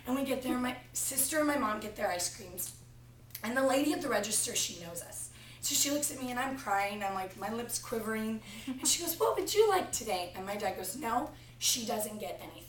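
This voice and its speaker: A young woman delivers a student sermon, easing into it with a lively family story. Her voice sits a little high. She is recorded from across an echoey classroom, with faint room hum behind her. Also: a little fast, recorded from a distance. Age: young adult. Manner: storytelling, animated retelling of family anecdote. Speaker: preaching student. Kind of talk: practice sermon.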